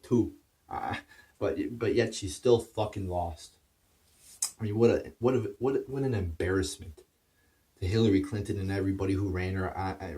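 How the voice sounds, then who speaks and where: A man's voice: low-pitched, a little mellow, distant mic. A man delivering a heated, profane political rant, stumbling over his words and restarting as he goes. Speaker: political commentator.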